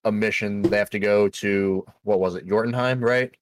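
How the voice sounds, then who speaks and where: A man's voice: fairly low pitch, fairly even intonation, moderate pace, slight background noise. A man co-hosting a casual podcast, retelling a movie plot scene by scene with quoted lines and casual swearing. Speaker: co-host.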